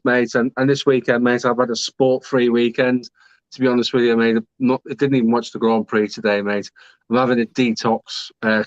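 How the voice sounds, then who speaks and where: A man's voice: medium pitch, dry recording. A man on a stream panel chatting in an easygoing way, calling everyone mate. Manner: says "mate" constantly, easygoing. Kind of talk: casual chat. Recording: dull, dry lo-fi audio.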